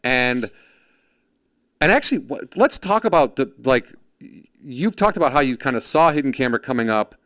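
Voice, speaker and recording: Podcast host guy, super animated storyteller, does the voices, dry close sound. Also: mid-range voice, normal speed, long pauses, smooth, dry recording. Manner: animated storyteller, acts out quoted voices, laughs often. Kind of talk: casual interview chat.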